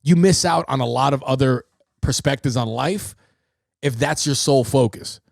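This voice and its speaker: A man's voice: medium pitch, moderate pace, vocal fry, no room sound, clean studio sound. A young man hosting his own livestream podcast, talking casually and swearing freely as he tells stories. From New York City. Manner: animated storyteller, swearing freely. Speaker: podcast host.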